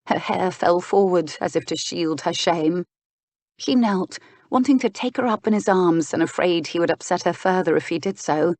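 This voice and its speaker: Romance audiobook narrator, woman, lower voice, measured and unhurried, dry close mic. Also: darkish tone, dry recording.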